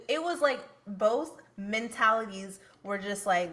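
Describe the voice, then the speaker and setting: A woman podcast host with a slightly high voice, talking in slangy casual chat and laughing often. A faint hiss sits under her voice. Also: a little slow, a bit bright.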